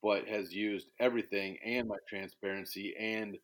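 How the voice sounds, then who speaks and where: A man's voice: steady tone, moderate pace, low-quality recording. A man talking as a podcast guest in casual conversation, bold and direct, stumbling into restarts as he speaks with emphasis. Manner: jumps to high, loud voices when quoting others.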